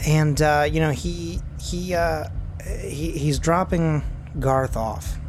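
A man's voice: on the high side, takes it slowly, a little hiss or hum. A man narrating as game master of a tabletop game, rambling with many fillers and restarts.

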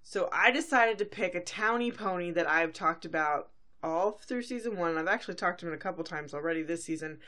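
A woman hosts a podcast and recaps a cartoon episode in casual, rambling talk. Her voice sits a little low, and she sprinkles in fillers and quick character quotes. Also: a bit bright. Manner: chatty, full of fillers, briefly acts out characters. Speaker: podcast host.

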